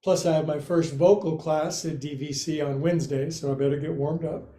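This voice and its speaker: A man's voice: a little high, fairly even intonation, fairly quick, dark tone. A man teaching a livestreamed yoga class, counting and cueing moves with playful jokes. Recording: roomy, echoey room.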